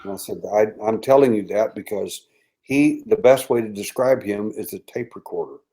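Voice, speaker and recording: Older man telling a story, hushed then lively. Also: lowish voice, moderate pace. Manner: animated storyteller who acts out quoted voices and drops to a hushed tone. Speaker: interview guest. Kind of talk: storytelling in a casual interview.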